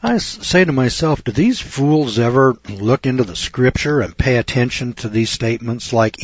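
A middle-aged man lectures on scripture in a folksy, sarcastic, storytelling manner. His voice is husky and sits at an ordinary pitch. The recording is dry and dull, with a lo-fi sound. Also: expressive, normal speed, hardly any pauses, no room sound. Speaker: lawyer teaching scripture.

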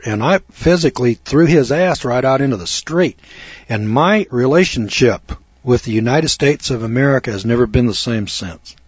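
Here a middle-aged man with a husky, mid-range voice rambles through a self-mocking story for an audience, repeating words as he goes. The style is a folksy storytelling lecture, and the dull, muffled, dry recording has no room sound.

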